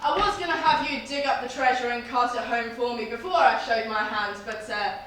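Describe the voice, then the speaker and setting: Woman as a bratty, bright-voiced pirate villain for a stage panto, echoey hall. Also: on the high side, a little fast, slight background noise, lightly acted. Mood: sneering. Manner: swaggering, shouting, sneering. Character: boastful childish villainous pirate captain. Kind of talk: stage pantomime acting and song. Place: theatre stage. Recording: echoey hall from far off, with music.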